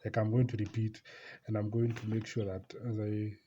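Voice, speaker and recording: A man's voice: on the low side, flat delivery, moderate pace, warm tone. A young man casually telling a personal story, rambling and repeating himself, with laughs between lines. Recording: slightly dull lo-fi recording with faint noise.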